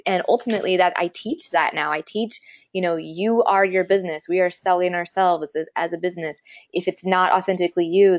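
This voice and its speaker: A woman's voice: on the low side, no room sound. A woman chatting casually and effusively, teaching and sharing stories, swearing now and then. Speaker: photographer and teacher. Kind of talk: casual conversation. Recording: slightly dull lo-fi sound.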